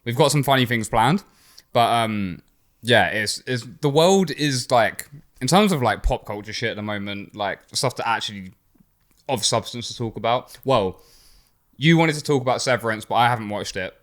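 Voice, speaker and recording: A young man co-hosting a casual podcast, talking with a slight lisp from clear aligners, rambling and swearing now and then. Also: mid-range voice, moderate pace, a bit bright. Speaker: podcast co-host. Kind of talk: casual chat.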